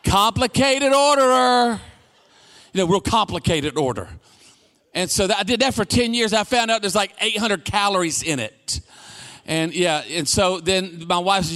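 A middle-aged man preaching a sermon in a fairly high voice. He tells his stories with plenty of animation, and he raises his voice to a shout to drive a point home. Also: moderate pace. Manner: animated storytelling, shouts for emphasis. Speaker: pastor.

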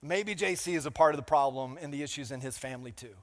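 A man's voice: on the high side, quick pace. A man pastor preaching a sermon in a large church, telling a self-mocking story and calling out to the congregation. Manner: animated, self-mocking storytelling with crowd call-outs. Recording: reverberant church hall.

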